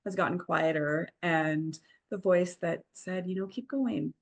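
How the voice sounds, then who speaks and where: Woman in her 40s, lowish voice, earnest reflective podcast guest. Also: flat delivery, unhurried. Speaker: divorce coach guest. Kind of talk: podcast interview.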